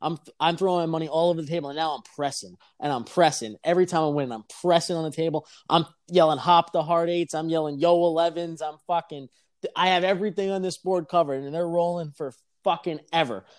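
A young man telling a casual, profane story on a podcast, animated and laughing as he talks. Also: on the high side, quick pace, no echo, studio quality. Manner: animated, swears constantly, laughs mid-sentence.

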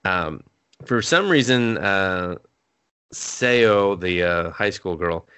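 Man, lowish voice, dry close mic, casual swearing recap, acts out lines. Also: animated, takes it slowly, sharp tone, clear, resonant tone, no room sound. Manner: laid-back, swears freely, acts out characters' lines mid-recap. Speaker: podcast co-host. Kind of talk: casual anime recap chat.

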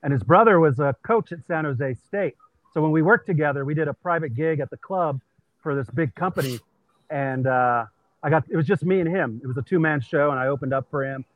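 Male comic guest from California, higher voice, spins backstage stories with filler words, dry lo-fi remote sound. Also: brisk, no echo. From California, USA. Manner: animated anecdotes with many fillers. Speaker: stand-up comedian guest. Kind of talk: casual storytelling. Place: busy comedy venue with people walking around.

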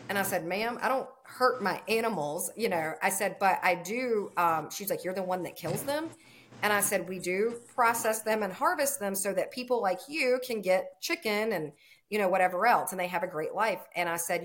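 A woman's voice: mid-range voice, brisk. A woman farmer in casual conversation, telling stories in a chatty way and acting out the quoted exchanges.

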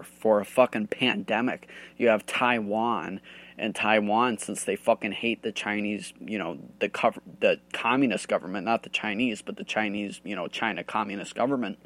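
A man's voice: fairly low pitch, a bit bright. A man from the United States hosting a solo podcast, ranting angrily and swearing a lot. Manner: profane, heated ranting. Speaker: host.

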